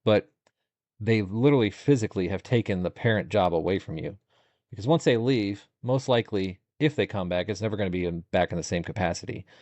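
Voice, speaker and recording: Low-voiced man telling jokey stories. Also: a little fast, no room sound. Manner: jokey, animated storytelling with bursts of higher pitch. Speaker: podcast guest, content creator. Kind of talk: casual interview chat.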